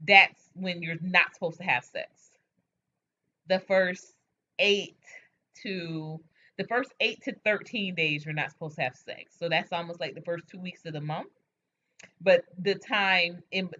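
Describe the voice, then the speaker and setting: A woman hosting a late-night livestream, chatting frankly with viewers and answering their comments in an animated way. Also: lowish voice. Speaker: livestream host. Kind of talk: casual chat with viewers. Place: home, at night. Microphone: webcam or phone mic. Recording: dull lo-fi livestream audio.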